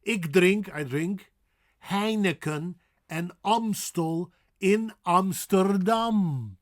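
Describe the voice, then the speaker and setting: A man's voice: high-pitched, no room sound, studio quality. A man with a Dutch accent, a native Dutch speaker, teaching pronunciation in a playful, encouraging way and drawing out each word he demonstrates. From Netherlands. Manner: drawn-out, exaggerated demonstrations of words. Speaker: language teacher. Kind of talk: pronunciation lesson.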